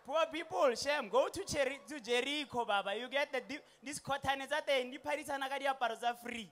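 South African stand-up, young man, very high pitch, animated delivery with slang and put-on voices. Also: fast. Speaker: stand-up comedian. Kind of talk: stand-up comedy set. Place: comedy stage before a live audience.

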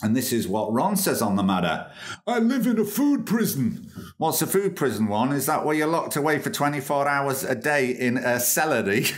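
A British man hosting a comedic podcast monologue. He reads an article aloud, breaking off for puns and wry asides. His pitch sits in the ordinary middle range. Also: animated, brisk, few pauses. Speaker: podcast host.

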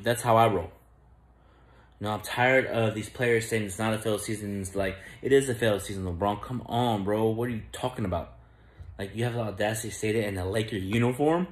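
A man's voice: fairly low pitch, fairly even intonation, fast, echoey room. A man hosting his own sports channel, talking bluntly and with frustration about his team, with lots of "man" and "bro". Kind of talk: fan sports commentary vlog.

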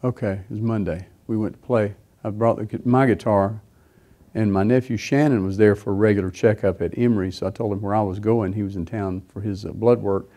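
Low, mellow man telling a story. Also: fairly even intonation, fairly quick. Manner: rambling storytelling, frequent fillers and restarts. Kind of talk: sermon testimony.

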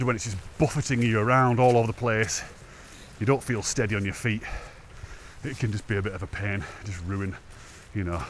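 A man's voice: mid-range voice, fairly bright tone, a little hiss or hum. A man chatting casually on a wet hillside walk, a bit out of breath, laughing often and poking fun at himself. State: slightly out of breath. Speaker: hiking vlogger. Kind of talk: casual walking vlog chat. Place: outdoors on a wet, windy mountain path.

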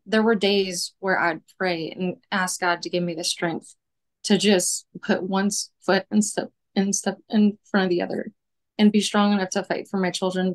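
Woman, interview guest, earnest, pleading, monotone, lowish pitch. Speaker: guest, author. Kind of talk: interview conversation.

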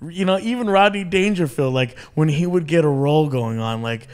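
Animated, swearing male comedian. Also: fairly high pitch, a little fast, clean tone. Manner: animated storyteller, swears often, acts out quotes. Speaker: comedian guest. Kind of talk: casual podcast chat.

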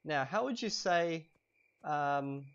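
A man teaching vocabulary in a casual, chatty way while playing a game at home, repeating each word slowly for learners, a little hoarse from a cold. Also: on the high side, highs cut off. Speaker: language teacher. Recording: steady background noise.

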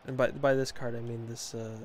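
A young man giving casual, chatty commentary while playing a football video game, talking to himself with quick exclamations. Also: mid-range voice, flat delivery, a little hiss or hum. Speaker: gaming channel host.

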